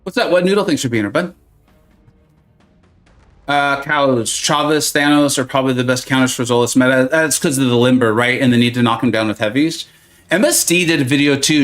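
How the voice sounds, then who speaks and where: A man with a medium-pitched, slightly bright voice hosts a gaming live stream, answering viewer questions in casual chat. Playful and joking, he wanders into silly tangents and offers advice in a chatty, reassuring way.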